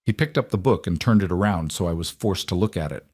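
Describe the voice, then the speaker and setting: A man narrating a first-person romance story in a steady, measured reading. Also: low-pitched.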